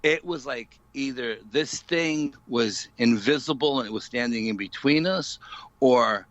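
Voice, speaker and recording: A man being interviewed as a paranormal investigator, retelling an eerie night in an animated, dramatic way full of "you know". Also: medium pitch, unhurried, no room sound, dull audio. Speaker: paranormal investigator, podcast guest. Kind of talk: storytelling in a casual interview.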